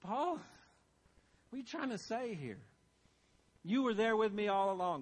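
A man's voice: sits high, sing-song, a little slow, pauses often. A man preaching a sermon to his congregation in a church, earnest and emphatic, driving his points home by repeating key phrases. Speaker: pastor.

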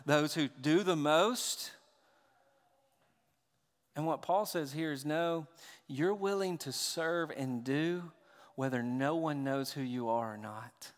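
A man with a notably high voice delivers a sermon from the pulpit. His preaching is animated, dropping low and quiet, then rising loud and emphatic. A long church-hall reverb trails behind every phrase. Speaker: pastor.

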